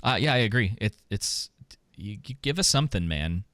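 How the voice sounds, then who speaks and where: A man's voice: fairly low pitch, animated, moderate pace, sharp tone, no echo, clean studio sound. A man co-hosting a podcast, thinking aloud in a casual reaction chat. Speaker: podcast co-host.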